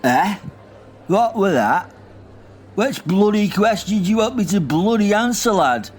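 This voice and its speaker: A man's voice: high voice, expressive, unhurried. Man doing a rambling old Lancashire war veteran. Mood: cranky. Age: older. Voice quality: gruff dialect-heavy rambling, confused and crude. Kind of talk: comedy audio drama.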